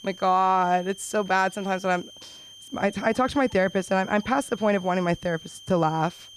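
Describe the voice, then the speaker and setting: A young woman doing an open mic stand-up set, rambling with quick self-deprecating asides. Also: medium pitch, slight background noise, poor audio. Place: small comedy club.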